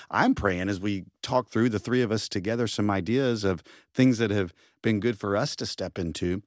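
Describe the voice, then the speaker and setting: A man's voice: mid-range voice, dry recording, clean studio sound. A middle-aged man speaking earnestly and passionately as a guest on a faith podcast. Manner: earnest, passionate, self-reflective.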